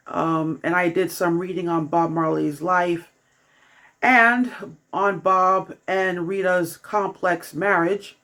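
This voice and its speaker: A young adult film reviewer reading a scripted review in a measured, steady way, with the odd filler. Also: medium pitch.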